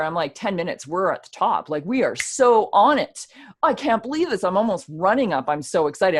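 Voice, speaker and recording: Woman, low pitch, casual storytelling, animated, host monologue. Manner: animated, laughs while telling story. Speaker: show host.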